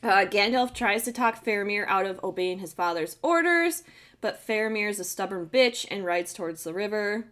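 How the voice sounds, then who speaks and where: A woman's voice: mid-range voice, lively intonation, normal speed, a bit bright. A young adult woman hosting a casual chat, retelling a film scene by scene in a profane, giggly way. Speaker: podcast host recapping a film.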